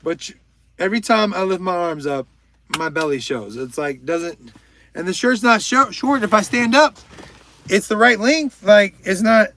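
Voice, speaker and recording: A man's voice: high voice, normal speed, sharp tone, slight background noise. A young man hosting a livestream, chatting casually and joking while reading out viewers' names. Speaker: livestream host.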